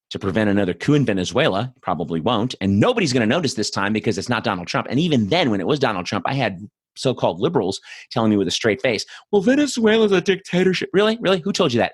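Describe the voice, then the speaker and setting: A man's voice: fairly low pitch, breathy edge, no echo, clean studio sound. Profane, sarcastic man ranting. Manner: angry, profane, sarcastic, with stuttered restarts. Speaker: host. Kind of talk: ranting political commentary. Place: home in Austin.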